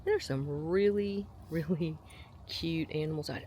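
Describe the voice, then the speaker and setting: A woman, chatting casually as she films her visit to a farm, often breaking into a high, gushing voice at the animals. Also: unhurried, long pauses, slight background noise. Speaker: vlogger. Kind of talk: casual outdoor vlog narration. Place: outdoor farm attraction. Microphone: handheld camera mic.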